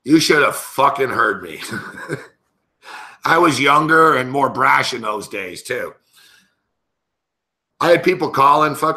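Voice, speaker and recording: A man's voice: mid-range voice, expressive, takes it slowly, long pauses, pushed and bright. A middle-aged man hosting a sports betting show, telling a story in casual, profane, brash chat and laughing between lines.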